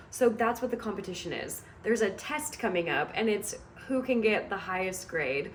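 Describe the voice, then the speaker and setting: A woman's voice: medium pitch, moderate pace, hardly any pauses, a little hiss or hum. A woman book vlogger retelling a story she is reading, in a chatty, amused way with many hedging asides.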